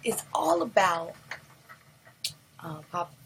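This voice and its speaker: A woman's voice: on the low side, sing-song, takes it slowly, gravelly, noisy background. A woman live streaming, telling a horror story in a rambling way, with restarts and dips into whispers.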